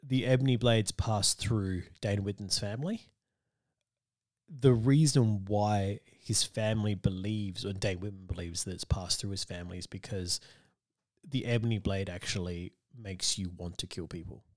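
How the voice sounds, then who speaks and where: A man with a fairly low voice, co-hosting a relaxed film podcast. He explains comic-book lore at length and laughs often. The sound is dry, with no room echo. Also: moderate pace. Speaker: podcast co-host. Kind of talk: casual film discussion.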